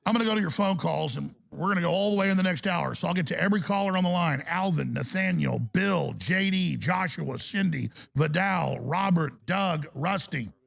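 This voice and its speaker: A man hosting a talk radio show, ranting through a heated monologue. His voice is pitched fairly high and carries a heavy gravelly rasp. His delivery is forceful and agitated. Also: moderate pace, hardly any pauses.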